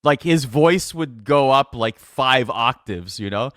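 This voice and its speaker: An animated man, a wrestling announcer, tells stories on a podcast and keeps laughing and piling on fillers. His voice sits at a middle pitch. The sound is dry and close. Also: measured pace, few pauses, no room sound. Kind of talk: casual storytelling chat.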